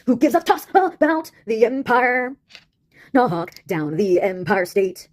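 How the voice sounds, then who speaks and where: A woman with a fairly high, animated voice takes her time voicing an unhinged female villain. She taunts and goads a giant, acting erratic, swearing, and breaking into singsong outbursts.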